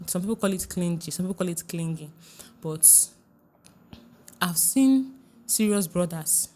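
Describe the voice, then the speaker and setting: A woman relationship coach talks through her advice in a podcast interview, earnest and emphatic. Her voice sits a little low, and she repeats her key points for weight. She drops to a hushed tone when she quotes other people. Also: animated, moderate pace.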